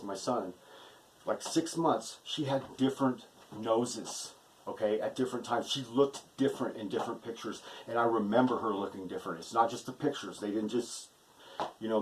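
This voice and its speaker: Male vlogger, low-pitched, rambling and agitated, repetitive, swears freely. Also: slight background noise, low-quality recording. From United States. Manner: agitated, repetitive, keeps adding "okay?" and profanity. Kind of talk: rambling monologue to camera.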